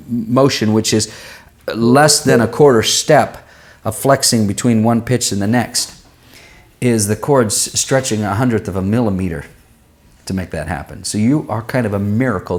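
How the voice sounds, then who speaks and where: A man working as a vocal coach, answering viewers' singing questions and demonstrating vowels and pitches with his own voice. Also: normal speed. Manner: explanatory, uses everyday comparisons.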